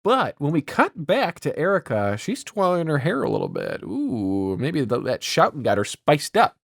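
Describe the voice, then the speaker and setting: Dude running through movie scenes, mid-pitch, voice goes up and down a lot, dry. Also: male voice, huge pitch swings, normal speed, vocal fry, no room sound. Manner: loose, profane plot summary. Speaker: podcast co-host. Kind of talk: casual movie recap chat.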